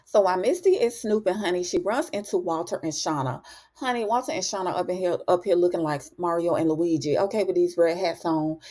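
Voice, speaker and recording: A woman recapping a TV episode in a casual, sassy, chatty way, with asides to the viewer and quick impressions of the characters. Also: on the low side, warm tone. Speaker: TV recap host.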